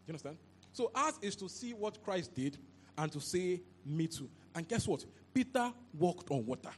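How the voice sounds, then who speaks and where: A man preaching a sermon into a handheld mic, animated and repetitive, often asking if the listeners understand. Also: sits high, a little fast. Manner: animated, repeats phrases, asks "you understand?". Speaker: pastor.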